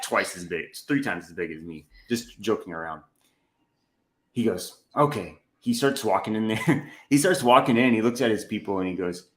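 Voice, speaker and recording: A young man co-hosting a casual chat, telling a story with lively acted-out quotes. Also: moderate pace, reverberant. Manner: animated storyteller who acts out quotes with a jumpy pitch. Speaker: podcast co-host.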